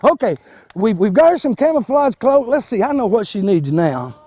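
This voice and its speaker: A man, a wildlife educator giving a live demonstration to children, folksy and animated, restarting words with plenty of fillers. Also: high-pitched, normal speed. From Kentucky.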